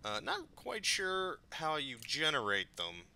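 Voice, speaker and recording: A man casually commenting on his gameplay, excitable and profane, rambling between curses. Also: on the high side, measured pace, creaky, slight background noise. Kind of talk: casual let's-play commentary.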